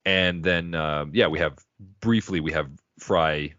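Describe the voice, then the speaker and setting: Very deep-voiced man, casual and rambling. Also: measured pace, fairly bright tone, no echo, highs cut off. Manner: rambling, laughs often, quotes characters in silly voices. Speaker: podcast co-host. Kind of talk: casual chat.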